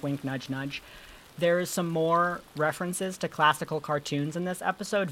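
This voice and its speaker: A podcast co-host in casual chat, talking in an animated, rambling, playful way with casual swearing. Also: medium pitch, a little hiss or hum.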